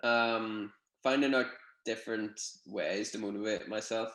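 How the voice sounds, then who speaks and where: A man's voice: lowish voice, unhurried. Northern Irish young man, roomy sound. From Northern Ireland. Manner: relaxed, rambling with many fillers and restarts. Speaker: guest, gymnast. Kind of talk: casual interview over video call. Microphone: video call.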